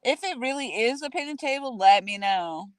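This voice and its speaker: A woman's voice: a little high, expressive, moderate pace, dry recording. A woman vlogger chatting casually to her live-stream viewers while paddling a kayak outdoors on a lake, speaking into a handheld phone. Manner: chatty, talks straight to viewers. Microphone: handheld phone camera.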